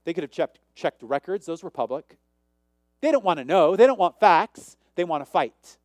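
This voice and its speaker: A man preaches with emphasis, often speeding up or pulling back on his volume. His voice sits fairly high. The sound is dry and close. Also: big pitch swings, normal speed, no room sound. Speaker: pastor. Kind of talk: sermon.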